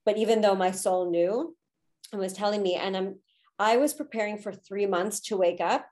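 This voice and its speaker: A woman in her thirties speaks as a guest on a podcast and tells her own story openly and with feeling. She fills her talk with ums and you knows. Her voice sits at a middle pitch. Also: moderate pace, darkish tone. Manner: candid and emotional, with frequent fillers. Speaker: podcast guest, spiritual teacher. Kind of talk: personal story in a podcast interview.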